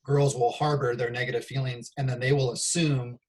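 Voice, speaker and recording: A man, a volleyball coach, interviewing a former player in a measured, reflective way, with some "um" and "you know". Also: mid-range voice, little pitch movement, darkish tone. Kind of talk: casual interview talk.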